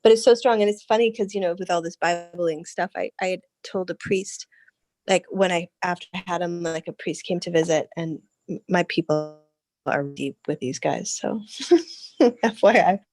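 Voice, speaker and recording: A woman in her thirties chatting casually, her voice sitting a little low. She talks in an animated way, laughs often and restarts her sentences. The sound is dry and close, with no room around her. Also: fairly quick, no echo. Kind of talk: casual chat.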